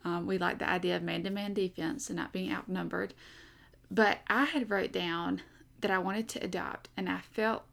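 Chatty young woman podcast host, slight fry. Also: lowish voice, fairly even intonation, moderate pace, a bit bright. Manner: chatty, upbeat, frequent fillers and laughs. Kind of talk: casual conversational podcast.

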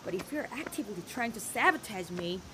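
A woman's voice: medium pitch, expressive, a little fast, a bit bright, a little hiss or hum, lightly acted, low-quality recording. An actress playing an ambitious young crime boss heir, whiny in outbursts and cold when she threatens. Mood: menacing.

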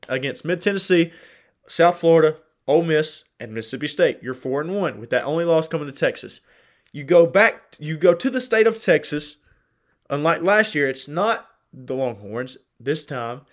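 A young man hosting a casual solo sports podcast, chatty, laughing often and restarting his sentences. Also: a little high. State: dry throat. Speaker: podcast host.

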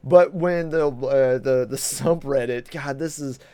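Brief: male co-host, casual profane chat, animated, tight dry sound. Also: medium pitch, a little slow, clear, resonant tone, dry recording. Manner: animated, swears a lot, acts out voices in quotes.

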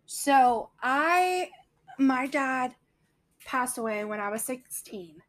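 A young woman talks through a personal story at an unhurried pace, chatty and rambling. Her voice sits a little high, and she breaks into laughter at her own anecdotes. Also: steady tone, fairly bright tone. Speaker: speaker sharing a personal faith story. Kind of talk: casual storytelling monologue.

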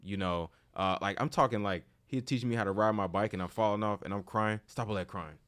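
Deep-voiced man telling stories, slangy. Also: fairly quick, smooth. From St. Louis, USA. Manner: loose and slangy, swings into animated storytelling. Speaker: podcast host. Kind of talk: casual conversation.

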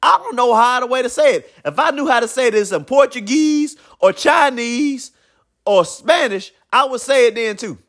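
A man's voice: very high voice, lively intonation, moderate pace, a bit bright. A man hosting a sports talk show, giving a blunt, opinionated basketball commentary monologue in a colloquial way, often repeating himself.

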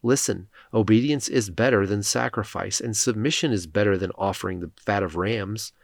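A man reading the lines of a stern older male prophet who rebukes a king, in a solemn, steady reading. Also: fairly low pitch, moderate pace, creaky, no room sound, studio quality.

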